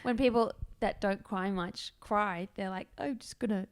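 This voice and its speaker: Expressive young woman host. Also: mid-range voice, moderate pace, clear, resonant tone. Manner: expressive, acts out quotes, whispers asides. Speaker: podcast host. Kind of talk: casual podcast conversation.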